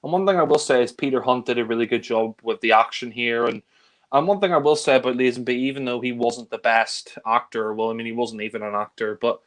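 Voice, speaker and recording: This man, a co-host in a friendly, casual conversation, talks fast and rambles with real enthusiasm for the movies he's discussing. His voice sits at an ordinary middle pitch and has a fairly bright tone.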